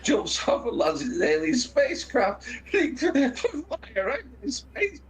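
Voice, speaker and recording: A man in his fifties chatting on a game livestream, excitable and laughing through his own storytelling. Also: very high voice, measured pace, rough recording. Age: 50s. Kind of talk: casual chat.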